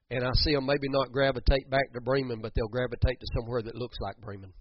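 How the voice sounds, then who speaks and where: A man's voice: medium pitch, flat delivery, quick pace, hardly any pauses, no room sound, dull audio. A middle-aged man preaching a sermon, fervent, repeating phrases for emphasis and restarting his sentences often. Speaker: pastor.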